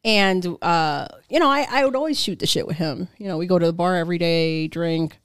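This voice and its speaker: A woman's voice: fairly low pitch, brisk, a bit bright, smooth, no room sound, studio quality. A woman co-hosting a casual podcast, telling a story loosely with profanity, laughter and acted-out quotes. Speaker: podcast co-host.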